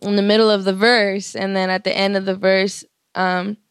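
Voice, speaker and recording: Woman, twenties, rapper, casual profane storytelling, fillers and laughs, mid pitch, dry close sound. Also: level tone, normal speed, clean tone, no echo. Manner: loose, profane, many fillers, laughs often.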